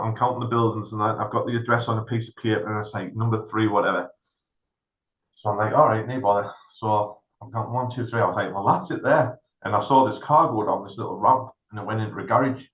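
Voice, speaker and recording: A middle-aged man, a veteran co-hosting a podcast, telling a story in a casual chat and acting out the other people in it. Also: lowish voice. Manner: animated anecdote-telling, acts out other people's lines. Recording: roomy echo.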